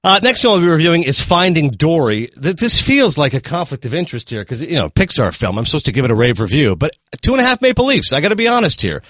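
Guy doing film reviews on a show, fast and lively, super dry close sound. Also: a little high, dry recording. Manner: animated, retelling scenes with quick asides. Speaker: film critic. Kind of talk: casual film review chat.

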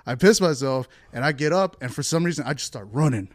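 A man telling a story in casual chat, animated and swearing freely. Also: mid-range voice, fast talker, dry recording.

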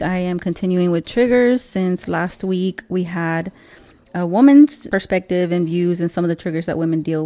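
A woman hosts a podcast with a middle-range voice. She talks in a playful, slangy way and chats easily with her guests. Her delivery is relaxed and loose. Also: mid-range voice. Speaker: podcast host. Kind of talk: casual podcast chat.

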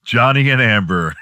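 A man's voice: medium pitch, pushed and bright, dry recording, studio quality. A man hosting a morning show, delivering a profane, sarcastic comedic rant.

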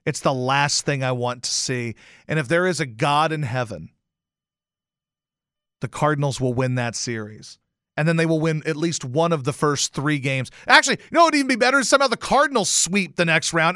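A man rants through a casual podcast monologue with bright, forceful energy. He tells stories in a profane, sarcastic way, swinging between loud outbursts and low, grumbling asides. The sound is dry and close. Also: no echo. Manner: animated, profane, sarcastic storytelling. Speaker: podcast host. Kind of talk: casual rant.

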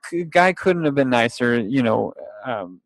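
A man's voice: mid-range voice, expressive, unhurried, no echo. A young man telling a long casual story with restarts and quotes, in a dry, close recording. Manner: rambling, with restarts, laughs and acted-out quotes.

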